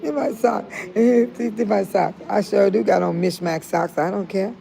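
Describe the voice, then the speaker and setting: With a crowd audible behind her, an older retiree talks a little slowly in a gravelly, mid-range voice. It's a casual phone livestream, the phone close to her face, and she laughs frequently while speaking directly to viewers.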